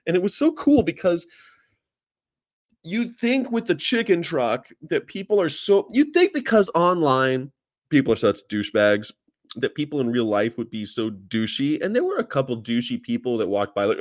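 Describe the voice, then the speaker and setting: A man's voice: medium pitch, sing-song, a little fast, no room sound, clean studio sound. A man, a vegan activist, chatting casually and animatedly, with profanity and funny impressions of people. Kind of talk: casual chat. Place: Charlotte, North Carolina.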